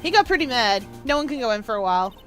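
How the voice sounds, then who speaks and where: A woman's voice: fairly high pitch, sing-song, racing, a bit bright, faint music behind. A woman voicing an eager male police detective in a hearty, boisterous manner.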